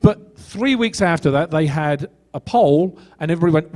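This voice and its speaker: Animated male actor telling panel stories. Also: on the high side, normal speed. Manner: animated storyteller who acts out quoted dialogue. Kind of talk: convention panel anecdote.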